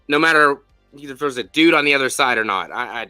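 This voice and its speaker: Animated, bright-voiced man chatting. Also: medium pitch, fairly quick, clean tone, no room sound, faint music behind. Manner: animated and profane, with lots of fillers. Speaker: podcast host. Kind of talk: casual spoiler review chat.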